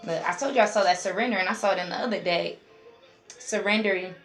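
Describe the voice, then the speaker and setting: A woman's voice: mid-range voice, fast talker, a bit bright. A woman giving a casual tarot reading, chatty and talking straight to her viewers as a group. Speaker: tarot reader. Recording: roomy echo, faint music behind.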